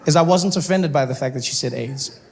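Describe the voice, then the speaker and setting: A man from South Africa with a South African accent, doing stand-up comedy with animated storytelling on a stage mic. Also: on the high side, a little fast, creaky, husky. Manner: animated storytelling, shifts into character voices. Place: comedy stage before a live audience.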